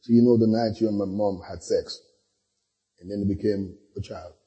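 A middle-aged man preaches a sermon through humorous personal stories, often laughing and acting out the voices of the people in them. His lowish voice is mellow with a breathy edge, fairly even in intonation and at a moderate pace. A large hall's long echo fills the recording.

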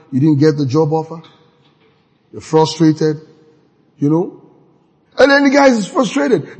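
A man preaching a sermon in an animated way, now and then shouting out quoted lines. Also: extremely high pitch, husky. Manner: animated, acts out quoted voices with sudden shouts. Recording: long hall reverb.

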